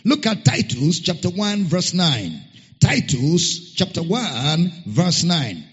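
A man preaching a sermon, reading scripture slowly and emphatically and repeating key phrases. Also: high voice, sing-song, husky. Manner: spells out a Greek word letter by letter. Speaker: pastor. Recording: muffled sound with long hall reverb.

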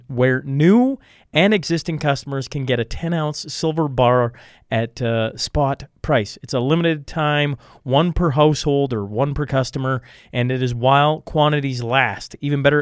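A Canadian man hosts a podcast while getting over a cold. He rambles, fumbles his words and pokes fun at himself in a casual way. His voice sits at an ordinary pitch and is recorded dry and close, with no room sound. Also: normal speed, clear, resonant tone, dry recording. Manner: rambling, self-deprecating, trips over words. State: has a cold. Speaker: podcast host reading sponsor ads. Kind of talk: casual podcast intro with ad reads.

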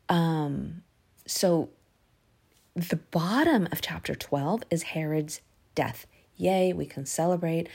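A woman teaching a casual Bible lesson, retelling the stories in a lively way with many fillers. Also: deep voice, creaky, husky.

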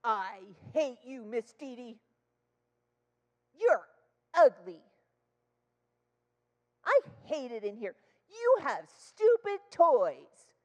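A woman voicing a little girl who shouts angry insults, then gushes with love. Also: sits high, big pitch swings, very slow, pauses often, muffled recording, pitched above the performer's own voice, exaggerated voice. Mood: angry shouting. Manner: shouting, petulant. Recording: long hall reverb.

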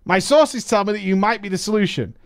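A man voicing a scheming, fast-talking male goblin boss with a smarmy, showy salesman patter. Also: high-pitched, voice pushed up.

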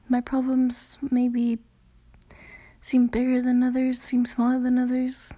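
A young woman in her late teens hosts her own podcast, speaking in a slightly high, flat voice with a dark tone at a measured pace. She rambles self-consciously, swears a lot, and fills pauses with "you know" and "I don't know" in this casual solo talk.

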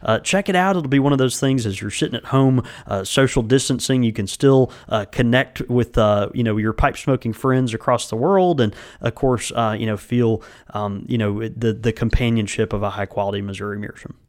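A man co-hosting a podcast, chatting casually. He rambles, leaning on filler words as he talks. His voice sits at an ordinary middle pitch. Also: moderate pace, few pauses. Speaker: podcast co-host.

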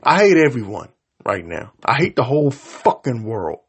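A man delivering a profane, confrontational rant straight to his audience, swinging between loud outbursts and low mutters. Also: very animated, normal speed, slightly rough. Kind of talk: profane angry rant to camera.

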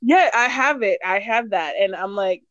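Blunt, loud young woman on a dull mic. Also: medium pitch, lively intonation, moderate pace, no echo. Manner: blunt and loud, laughs often. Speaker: podcast co-host. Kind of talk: casual chat. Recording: dry, dull lo-fi sound.

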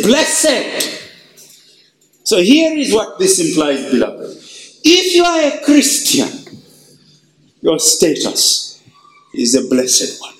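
A male pastor preaching a sermon, stressing key words with slow, drawn-out emphasis. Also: sits high, echoey room, poor audio.

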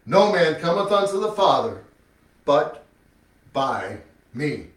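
A man preaching a sermon and reading scripture, with emphatic rhetorical questions, swinging between loud and hushed. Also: fairly high pitch, big pitch swings, takes it slowly. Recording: echoey room, mic at a distance.

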